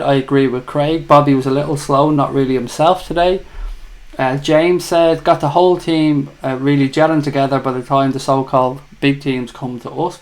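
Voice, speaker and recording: A man with an Irish accent hosting a live fan chat show, reading out viewer comments and bantering in a chatty, teasing way. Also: a little high. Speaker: livestream host.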